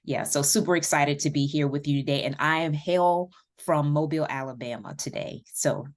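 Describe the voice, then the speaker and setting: This is a woman with a Southern American accent and a notably low voice. She talks as an interview guest, reflective and unhurried, with um's and quiet laughs between her thoughts. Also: fairly even intonation. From Virginia, USA. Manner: warm and reflective, with light laughs and fillers. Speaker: podcast guest. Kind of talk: casual interview conversation.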